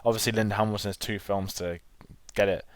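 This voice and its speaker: A man's voice: lowish voice, steady tone, quick pace, dry recording. A man co-hosting a film podcast, chatting enthusiastically and rambling with restarts. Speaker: podcast co-host. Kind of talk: casual film chat.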